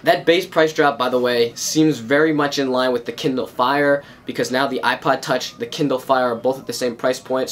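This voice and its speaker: A man with a raspy, hoarse voice from a cold, giving a relaxed, casual recap of tech news to his viewers. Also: mid-range voice. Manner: relaxed, explanatory, addresses viewers as guys. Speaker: tech video host.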